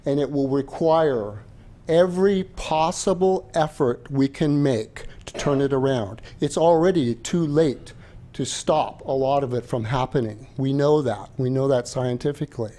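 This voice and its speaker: Older guy, slow and mellow, earnest public comment at a county meeting. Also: medium pitch, slight background noise. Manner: earnest, emphatic speech.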